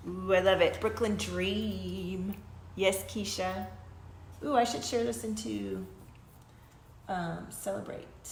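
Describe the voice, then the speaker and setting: A woman chats casually through a spiritual livestream, drifting between card readings, viewer shout-outs and bits of chanted syllables. Her voice sits at a middle pitch and rings in a roomy, echoey small home studio. A faint background hiss comes from a webcam-style mic. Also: fairly even intonation, takes it slowly, gravelly, long pauses. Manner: loose and chatty, breaks into light-language chanting and humming. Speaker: livestream host reading oracle cards.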